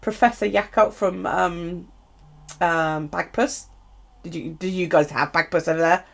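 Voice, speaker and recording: A woman's voice: fairly low pitch, fairly even intonation, measured pace, gravelly, a bit bright. A middle-aged woman with a British accent, chatting casually to viewers while unboxing craft supplies and gushing over them. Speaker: craft live streamer.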